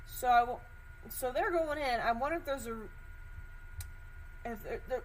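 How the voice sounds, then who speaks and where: A woman's voice: sits high, moderate pace, slight background noise, rough recording. A woman podcast host in casual commentary, thinking aloud as she searches documents, curious and suspicious, with many fillers.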